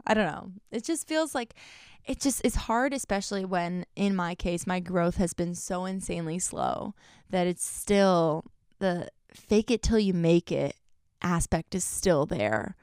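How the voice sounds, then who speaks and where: A woman's voice: medium pitch, moderate pace, a little mellow, smooth, no echo, studio quality. A young woman talking to camera in a casual vlog, chatty and self-deprecating, filling her sentences with "like.". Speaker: YouTuber.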